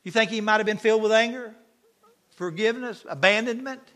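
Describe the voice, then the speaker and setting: A man preaching an impassioned sermon, swinging from loud to hushed and asking the congregation questions. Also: high voice, brisk.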